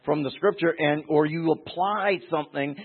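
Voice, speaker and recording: Male Bible teacher, verse by verse, emphatic with repeated words, slightly high voice, tinny phone-like recording. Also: normal speed, slightly rough.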